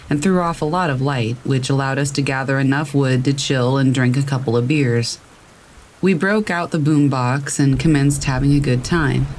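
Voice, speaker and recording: A man narrating true scary stories in a slow, measured storytelling manner. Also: mid-range voice, slight background noise, low-quality recording. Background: rain.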